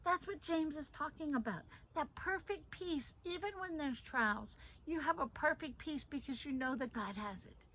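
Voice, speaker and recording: High-voiced woman giving an animated devotional. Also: normal speed, hardly any pauses, slight background noise, rough recording. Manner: animated, repeats phrases for emphasis. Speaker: devotional host. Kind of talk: informal devotional talk. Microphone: phone.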